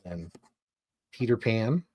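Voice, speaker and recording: A man's voice: lowish voice, animated, takes it slowly, a little mellow, breathy edge. A man live streaming, chatting casually and rambling with lots of fillers as he shows off collectibles. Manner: chatty, rambling fan talk with many fillers. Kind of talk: casual chat.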